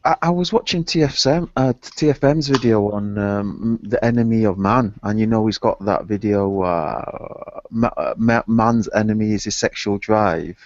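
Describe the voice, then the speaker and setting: A man's voice: on the low side, normal speed, few pauses, no echo. A man in casual chat, thinking aloud with many hesitations and restarts. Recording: dry, dull lo-fi audio.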